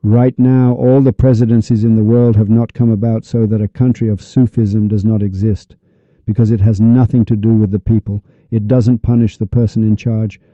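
A man's voice: lowish voice, flat delivery, moderate pace, warm tone, dry recording. A man preaching a heated monologue on Sufism, sarcastic and insulting, with sudden angry outbursts. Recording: dull, dry lo-fi recording.

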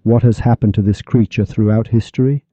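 A man's voice: fairly low pitch, steady tone, brisk, dry recording, dull audio. A man hosting a podcast, delivering a preachy monologue full of rhetorical questions. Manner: preachy, rhetorical, mock-shouting quoted crowds. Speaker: podcast host.

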